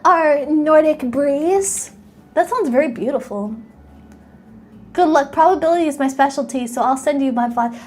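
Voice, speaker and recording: A woman's voice: high-pitched, expressive, moderate pace, darkish tone. A woman streamer chatting casually and playfully with her live chat, thanking viewers and cheering them on. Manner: bubbly, playful, reads and thanks chat, sometimes squeals.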